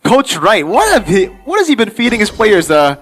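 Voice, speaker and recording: A man breaking down an esports match as color commentator in a high voice, chatty and full of fillers. A faint music bed plays behind him. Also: normal speed, poor audio. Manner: chatty, excitable, filler-heavy analysis. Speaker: esports analyst.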